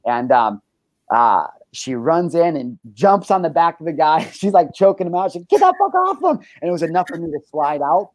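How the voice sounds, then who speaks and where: A man's voice: on the high side, normal speed, dry recording. Young guy hosting a talk show, swears a lot, rambly with lots of ums, dry close sound. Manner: profane, animated storytelling with frequent fillers. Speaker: host. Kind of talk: casual storytelling on a talk show.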